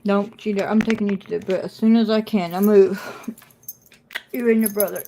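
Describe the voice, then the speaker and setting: A woman's voice: mid-range voice, fairly even intonation, fairly quick, warm tone, slight background noise. A woman chatting casually on a phone livestream at home, talking to viewers and scolding her dog in between. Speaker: puzzle live streamer.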